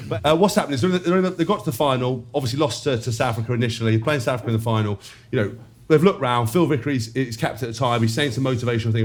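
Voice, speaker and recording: An English man co-hosting a podcast, telling a comic story to a studio audience, swearing and laughing through the punchlines. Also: mid-range voice. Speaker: podcast co-host.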